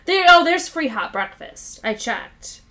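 Slow-talking, giggly bright woman. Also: high voice, big pitch swings. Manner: giggly, halting and self-deprecating. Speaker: podcast regular. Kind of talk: casual comedic chat.

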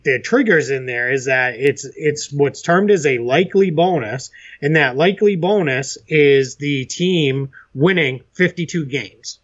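Man, podcast co-host, casual chat, mid-pitched voice, explains step by step, dull lo-fi recording. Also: a bit bright. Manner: explains contract details step by step. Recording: dull lo-fi sound.

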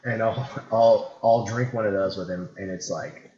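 A young man talks in a relaxed, casual way, with a lowish voice. He swears freely and keeps checking that you follow him. The sound is echoey and a bit dull. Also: moderate pace. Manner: laid-back, swearing, frequent "you know what I mean". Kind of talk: casual chat.

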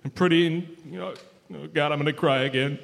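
An actor in a live radio sketch playing a sleepy, rambling air traffic controller who gets teary easily. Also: male voice, on the high side, fairly even intonation, a little fast, gravelly, fairly bright tone, in a large hall. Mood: weepy. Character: drowsy, sentimental male air traffic controller.

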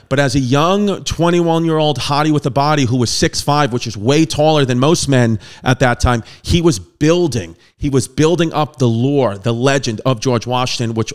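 A man's voice: mid-range voice, clear, resonant tone. A man hosting a comedic history lesson, riffing with jokey asides and tangents. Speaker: comedian host.

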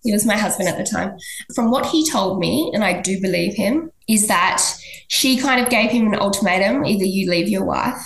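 A woman guest on a podcast, telling a personal story in an animated way and jumping high in pitch when she quotes people. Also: moderate pace, creaky. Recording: echoey room.

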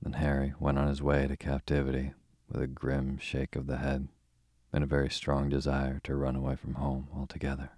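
A young man hosting and narrating a bedtime story in a slow, calm, soothing way. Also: very deep voice, dry recording, clean studio sound.

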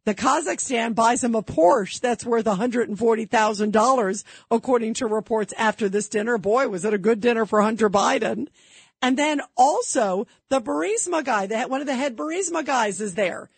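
Husky-voiced woman talk radio host. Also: fairly high pitch, moderate pace, dry recording. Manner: emphatic, indignant, rhetorical questions. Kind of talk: political commentary monologue.

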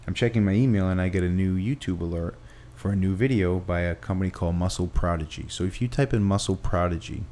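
A man with a very low, warm voice tells an animated story as a trainer and gym owner. He stops and restarts often and acts out quoted lines. Faint noise sits under the recording. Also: fast, hardly any pauses. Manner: animated anecdote-telling with acted quotes and restarts. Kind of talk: conversational storytelling.

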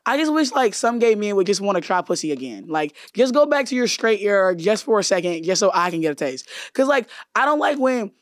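A woman's voice: mid-range voice, sing-song, brisk, few pauses, no room sound, studio quality. A woman hosting a podcast, brash and joking, swearing freely. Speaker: podcast host. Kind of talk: casual podcast chat.

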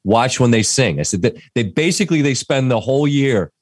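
A man co-hosting a casual sports podcast, telling a family anecdote in a relaxed way. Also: medium pitch, brisk, no echo, clean studio sound. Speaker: podcast co-host.

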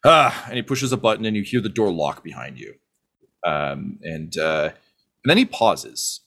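A man narrating a tabletop game as game master, halting and filling pauses with "uh". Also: sits low, sing-song, vocal fry, a bit bright, breathy edge. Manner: halting, lots of fillers.

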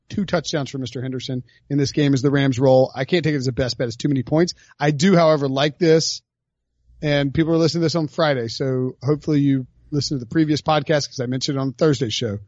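A man's voice: medium pitch, steady tone, quick pace, a little mellow, no room sound, dull audio. A man hosting a podcast, chatting casually about football picks with jokey asides. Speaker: podcast host. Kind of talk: casual sports betting chat.

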